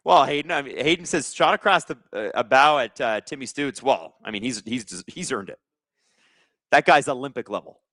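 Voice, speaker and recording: A young man hosting a live watch-along, reacting to the game with sarcastic, excitable commentary. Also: medium pitch, normal speed, long pauses, no room sound, clean studio sound. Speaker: live stream host.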